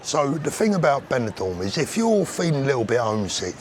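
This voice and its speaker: A man's voice: medium pitch, sing-song, fairly quick, a crowd in the background. An English man vlogging outdoors to a handheld camera, joking and rambling in a casual comic way. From England. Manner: jokey, rambling, chatty. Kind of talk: casual comedic vlog to camera. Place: busy street outdoors. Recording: outdoor street noise behind.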